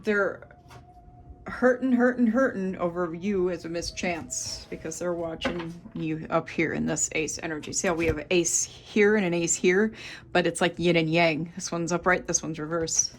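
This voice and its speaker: Woman, 30s, lowish voice, rambling tarot reader talking to her viewers, faint hiss behind. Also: fairly even intonation, normal speed. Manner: chatty, rambling, thinks aloud with fillers. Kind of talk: casual tarot reading to camera.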